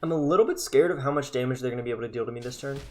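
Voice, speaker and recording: A man's voice: mid-range voice, very fast, darkish tone, soft background music. A man casually commentating his own card game match, chatty and sarcastic, thinking aloud as he plays. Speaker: gaming content creator.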